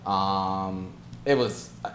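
A man's voice: low-pitched, steady tone, drawn-out words, fairly bright tone, a little hiss or hum. A man co-hosting a podcast, easygoing and laid-back, laughing often in casual chat. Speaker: podcast co-host. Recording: echoey room.

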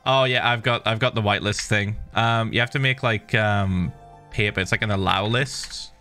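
A laid-back man streaming, chatting easily as he plays and humming little tunes to himself. His voice sits a bit low, with a bright, forward tone, and faint music plays in the background. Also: moderate pace. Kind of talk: casual chat while gaming.

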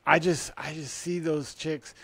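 A man's voice: on the high side, fairly even intonation, measured pace, a bit bright, breathy edge, no echo. A man co-hosting a casual comedy podcast, rambling with lots of restarts and fillers and swearing freely. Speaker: podcast co-host.

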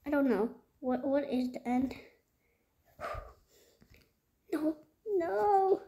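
A woman giving casual gameplay commentary, excitable and easily frustrated, swinging between loud outbursts and whispers. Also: high-pitched, takes it slowly. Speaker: gaming video creator.

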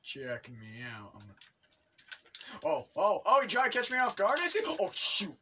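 A young man hosting a gaming video, commentating excitedly and teasing his opponent with frequent yelps and laughs. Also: sits high, unhurried, slight background noise. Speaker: gaming channel host.

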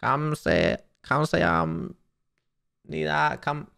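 A man's voice: a little high, sing-song, very slow, creaky, a bit bright, clear, resonant tone. A young man streaming casually, joking and swearing as he stumbles over new phrases. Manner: joking, profane, self-mocking. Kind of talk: casual livestream chat.

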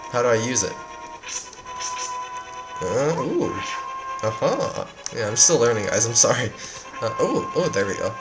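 A man giving casual, excitable, self-mocking commentary while he plays a video game. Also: mid-range voice, a little slow, long pauses, low-quality recording. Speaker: let's play gamer. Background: game music.

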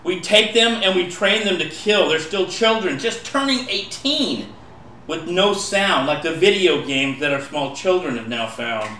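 A man performing spoken-word poetry, building from quiet storytelling to impassioned pleading. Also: high voice, expressive, a little slow, slight background noise. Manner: impassioned, rising to pleading shouts. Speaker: poet. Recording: echoey room from far off.

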